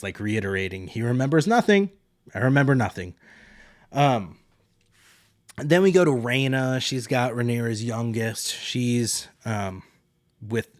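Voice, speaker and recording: A man's voice: mid-range voice, no echo, studio quality. A man hosting a podcast, casually recapping a TV episode with blunt, self-mocking asides and loose paraphrases of the characters. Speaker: podcast host.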